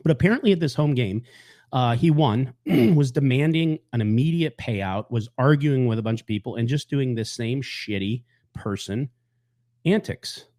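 A man's voice: mid-range voice, animated, moderate pace, dark tone. A man hosting a show, telling a story in a blunt, angry, rambling way with heavy swearing. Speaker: podcast host. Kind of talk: casual monologue.

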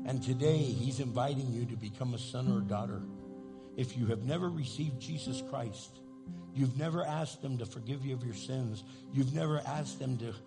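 A man preaching as pastor, talking plainly to the congregation and rising into fervent calls to pray. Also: medium pitch. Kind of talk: sermon. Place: church sanctuary. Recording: long reverb in a large sanctuary.

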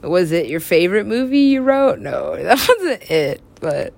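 A woman's voice: medium pitch, sing-song, unhurried, gravelly, darkish tone, dry recording. A woman from the US West Coast in a loose, rambling casual chat, laughing often, swearing freely and slipping into silly voices. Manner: giggly, swears a lot, acts out silly voices.

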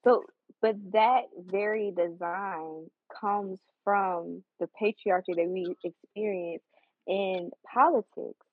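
A woman from Arkansas making earnest, measured points in a casual podcast debate, often hesitating and restarting. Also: mid-range voice, no echo. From Arkansas, USA. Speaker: podcast co-host. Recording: tinny phone-like dry recording.

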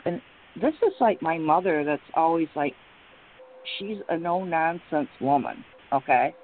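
A woman's voice: low-pitched, lively intonation, measured pace. A middle-aged woman telling a long personal story, rambling with many fillers and restarts. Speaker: guest. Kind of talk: emotional personal account. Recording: tinny phone line with faint hiss.

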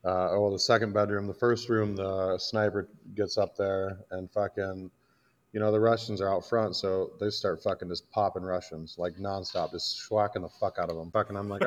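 A man's voice: low voice, steady tone, normal speed, dull audio. A man from Iowa, a combat veteran guest, bluntly telling a war story in casual, profane podcast talk. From Iowa, United States.

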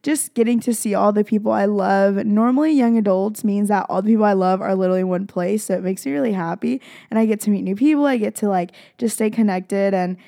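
Gushing young woman with vocal fry. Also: mid-range voice, fast, few pauses, mellow, no echo, studio quality. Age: young adult. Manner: gushing, rambling, heavy on "like" and "freaking". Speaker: podcast host. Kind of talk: casual confessional chat.

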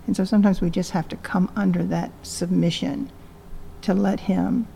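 A woman in a faith discussion, speaking in a measured, thoughtful way. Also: medium pitch, gravelly, warm tone, slight background noise, poor audio.

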